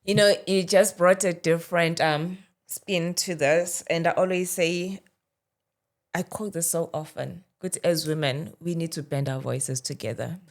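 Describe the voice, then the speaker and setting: South african woman hosting a podcast, low voice, empathetic, lots of mm-hmms. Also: steady tone, unhurried. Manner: empathetic, frequent affirming murmurs. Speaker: host. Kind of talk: podcast interview.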